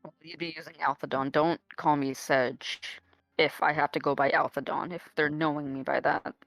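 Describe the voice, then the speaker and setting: Hesitant low-voiced woman player. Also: fairly even intonation, vocal fry, a bit bright, no room sound, soft background music. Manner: hesitant, halting, full of restarts. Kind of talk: tabletop role-play chat.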